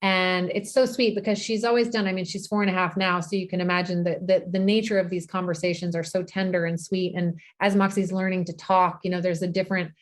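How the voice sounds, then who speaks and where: Halting, heartfelt woman podcast guest. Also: lowish voice, flat delivery. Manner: halting, with many restarts and repeated words; tender, heartfelt storytelling. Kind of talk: emotional podcast conversation.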